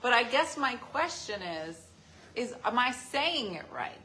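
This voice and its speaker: A woman's voice: a little high, very animated, measured pace, pushed and bright. A woman hosting a casual live stream, joking and teasing as she answers viewer comments. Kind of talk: casual chat.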